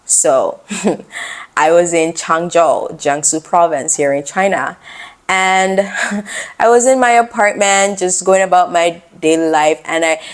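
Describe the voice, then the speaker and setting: A young adult woman vlogger telling a personal story in a casual, expressive, animated way. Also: on the low side.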